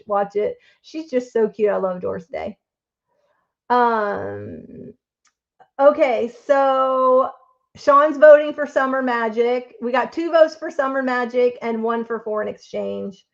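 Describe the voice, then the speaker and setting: A woman's voice: on the high side, gravelly, muffled recording. A woman hosting a live craft stream, chatting casually and rambling as she reads out viewer votes.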